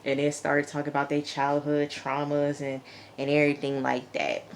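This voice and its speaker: A woman reviewing a TV episode in a chatty, animated way, laughing often and talking straight to her viewers. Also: sits low, moderate pace, slight background noise. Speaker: TV show reviewer. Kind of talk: casual review vlog.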